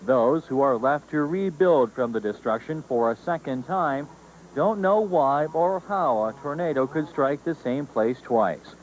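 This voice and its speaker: A male news reporter and show host reading a scripted news report in a measured, formal way. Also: fairly high pitch, animated, a little hiss or hum, poor audio.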